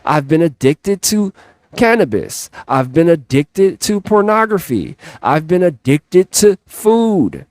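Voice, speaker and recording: A man's voice: a little high, sing-song, takes it slowly, darkish tone, no echo, studio quality. A man giving an earnest, emphatic motivational talk, stretching out his phrases. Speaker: motivational speaker.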